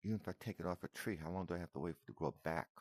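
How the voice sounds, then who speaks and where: With a low, slightly mellow voice, a man races through emotional reaction commentary on video footage. It's casual and repetitive, he calls the listener "man" and "brother," and the recording is dry.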